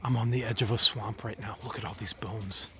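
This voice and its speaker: A man hosting an outdoor vlog by a swamp, excitable and often dropping to a hushed whisper. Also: on the low side, a little fast, noisy background. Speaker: vlog host.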